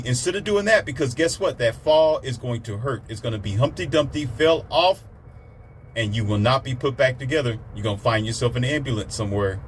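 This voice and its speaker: A man's voice: mid-range voice, expressive, brisk, slight background noise. A man giving a blunt, preachy motivational monologue, repeating himself to drive points home. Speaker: motivational speaker.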